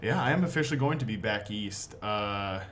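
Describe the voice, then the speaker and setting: A man's voice: on the low side, animated, moderate pace, fairly bright tone, a little hiss or hum. A man hosting a podcast in casual chat, rambling and joking with lots of fillers. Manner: rambling, filler-heavy, jokey. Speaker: podcast host.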